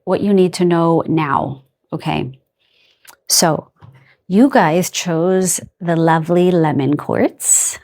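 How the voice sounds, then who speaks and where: A woman giving a casual card reading to her viewers, gentle and affectionate, laughing softly as she rambles and restarts her sentences. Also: fairly low pitch. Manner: loose and rambling, trailing off and restarting. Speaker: tarot and oracle card reader.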